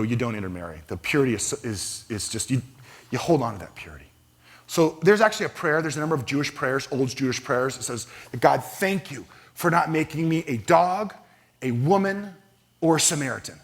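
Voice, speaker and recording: A man's voice: mid-range voice, a bit bright. A man preaching a sermon as pastor, conversational and storytelling, with self-deprecating humor. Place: church sanctuary.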